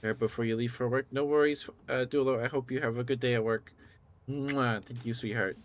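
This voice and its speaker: A man streaming live, chatting in a relaxed way and thanking viewers, still groggy with a morning voice. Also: medium pitch, fairly quick. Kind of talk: casual live-stream chat.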